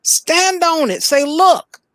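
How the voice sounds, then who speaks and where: A woman's voice: very high voice, takes it slowly, no echo. A woman hosting a casual reaction show, reading articles aloud and riffing on them playfully. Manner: animated, playful, reads headlines aloud then riffs. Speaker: host.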